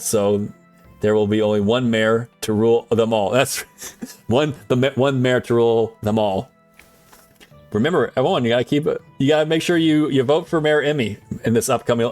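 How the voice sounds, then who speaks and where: A man streaming, chatting casually in a rambling way with lots of fillers and quick chuckles. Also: a little high. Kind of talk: casual chat.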